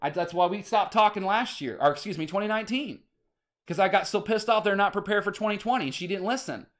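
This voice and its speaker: Agitated rambling man, higher voice. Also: fast talker, a bit bright. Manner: agitated, rambling, swears often. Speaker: vlogger. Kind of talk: casual ranting monologue.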